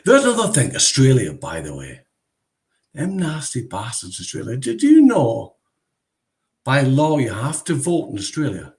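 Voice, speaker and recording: A man's voice: medium pitch, wildly swooping pitch, moderate pace, darkish tone. A man hosting a casual livestream chat over a video call, ranting with heavy swearing. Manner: profane, ranting. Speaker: livestream host.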